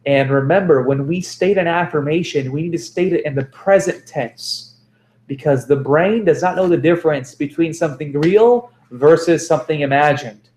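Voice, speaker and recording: A man's voice: fairly high pitch, moderate pace, a little mellow, reverberant, slight background noise. A man giving a motivational self-help talk, repeating phrases for emphasis and correcting himself as he goes.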